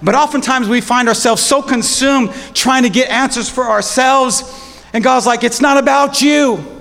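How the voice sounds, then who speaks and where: A man's voice: very high-pitched, steady tone, normal speed, gravelly, a bit bright. A man preaching a sermon as pastor, storytelling in casual slang and with animation. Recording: long hall reverb.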